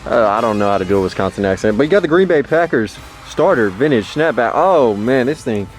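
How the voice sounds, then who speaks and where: A man giving a joking vlog of his thrift store finds, hyped and goofy, often jumping into high silly voices. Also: expressive, brisk, faint music behind. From Texas. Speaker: vlogger showing thrift finds. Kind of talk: casual joking vlog narration.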